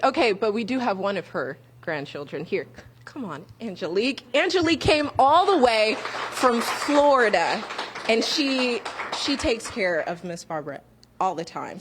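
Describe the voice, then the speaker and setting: A woman reporting live for a morning show, bubbly and excitable, laughing often as she interviews. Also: on the high side, noisy background.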